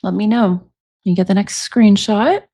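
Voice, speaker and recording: A woman's voice: medium pitch, fairly even intonation, measured pace, mellow, no echo. A woman, hosting casual true-crime commentary and reading excerpts aloud, chatty and often asking viewers what they think. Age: 40s. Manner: chatty, asks viewers for opinions. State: allergies. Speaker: commentary channel host.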